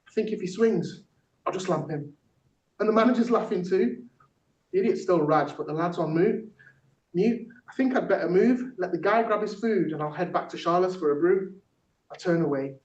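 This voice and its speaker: A man from Yorkshire with a high voice and darkish tone speaks at normal speed. As a workshop facilitator in a theatre workshop room, he performs rhythmically punchy spoken word poetry and then discusses it with the group, heard dully from a distance amid echo.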